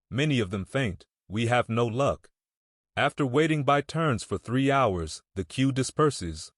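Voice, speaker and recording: A man narrating an audiobook in a measured, somber first-person reading. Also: medium pitch, no echo, clean studio sound. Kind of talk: scripted narration.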